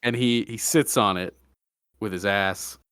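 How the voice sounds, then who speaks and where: A young man hosting a podcast, telling a story in a deadpan, joking way with mock-serious asides. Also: fairly low pitch, measured pace, clean tone, no room sound, clean studio sound. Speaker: podcast host. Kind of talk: casual storytelling chat.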